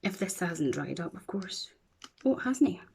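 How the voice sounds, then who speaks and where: A woman's voice: on the low side, big pitch swings, unhurried, a little mellow, slight background noise. A Scottish woman chatting playfully through a makeup tutorial at home, with silly asides as she works. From Scotland. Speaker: beauty vlogger.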